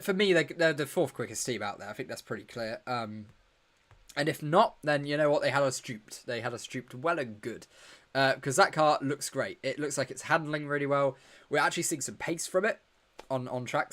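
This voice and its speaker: Here a livestream host with a medium-pitched, slightly bright voice runs a laid-back watch-along, yawning with tiredness while he jokes, reacts to what's happening and fields questions from viewers.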